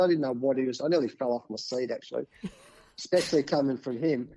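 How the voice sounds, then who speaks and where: An Australian man in his fifties, a cricket coach telling stories as a podcast guest, animated and often restarting his sentences. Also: on the high side, fast, highs cut off. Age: 50s. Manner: animated, restarts often, acts out quoted exchanges. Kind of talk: casual storytelling in an interview.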